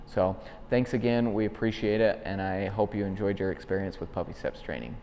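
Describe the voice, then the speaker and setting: A man with a fairly low voice lays out practical dog-training advice in a steady, matter-of-fact way. His voice rings with a long reverb, as if he is speaking in a hard-walled room. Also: brisk, a little hiss or hum. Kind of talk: instructional video talk.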